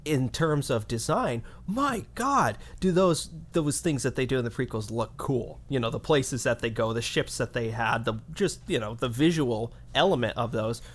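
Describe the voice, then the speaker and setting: A man's voice: medium pitch, animated, normal speed, few pauses. A man co-hosting a gaming podcast, chatting casually and animatedly. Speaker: podcast co-host.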